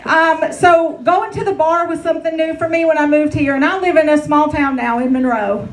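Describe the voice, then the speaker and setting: A woman's voice: high-pitched, poor audio. A woman in her thirties, performing a brash, profane stand-up comedy set with a chatty storytelling manner.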